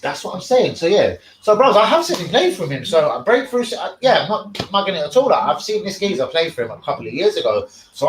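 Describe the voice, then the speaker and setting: A man's voice: fairly high pitch, a little hiss or hum. A man, rambling and swearing in casual live-stream chat as the host. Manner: rambling, slangy, swears a lot. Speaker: livestream host. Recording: echoey room.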